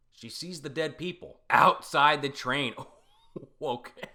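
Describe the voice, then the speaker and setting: A man casually recapping and reacting to a comic, animated, laughing often and swearing. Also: on the high side, takes it slowly. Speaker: reaction video host.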